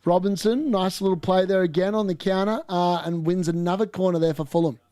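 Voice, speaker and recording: A man hosting a live football watchalong, commenting on play and ranting opinions, getting excitable and yelling at chances. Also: high-pitched, a little fast, no room sound, clean studio sound. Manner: excitable, yells at chances on screen. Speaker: host of a fantasy football watchalong.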